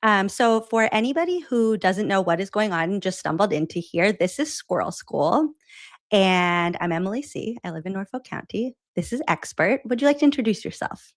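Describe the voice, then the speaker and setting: A woman's voice: medium pitch, lively intonation, normal speed, no echo. A woman from hosting a casual chat, talking in a loose, filler-heavy way and laughing easily. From Massachusetts. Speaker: host.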